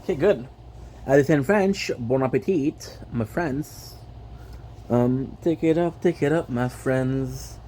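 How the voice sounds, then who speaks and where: A man's voice: medium pitch, slow pace, dark tone, slight background noise. A man chatting casually on a gaming livestream, playful and rambling, tossing in French phrases. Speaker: gaming streamer.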